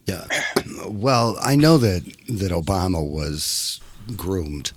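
A man's voice: sits low, expressive, takes it slowly, background noise. A man co-hosting a studio talk show, speaking in an assertive, lecturing way and insisting on finishing his points. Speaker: co-host. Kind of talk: casual chat.

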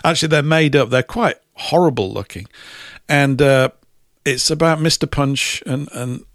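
A man's voice: medium pitch, moderate pace, no echo, studio quality. A man hosting a casual podcast chat, talking in a chatty way, laughing often and reading out viewer comments. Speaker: host.

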